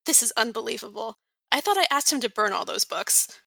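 Brief: sardonic British male demon, put on by a woman reader, hissing and muttered, high and lively, bright dry tone. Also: brisk, gravelly, no echo, heavily acted. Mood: exasperated. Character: sardonic swearing male demon, lanky, exasperated. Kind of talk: audiobook fan fiction reading.

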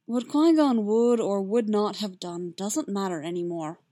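A calm, gentle male Jedi master with a steady way of talking, voiced by a woman. His lines are reassuring rather than stern. The recording is close and dry. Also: medium pitch, a little slow, dry recording, natural voice.

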